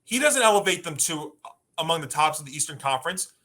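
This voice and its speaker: Male sports show co-host, punchy, emphatic, very bright, fairly high voice. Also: expressive, quick pace. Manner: emphatic, rattles off lists. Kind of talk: sports talk debate.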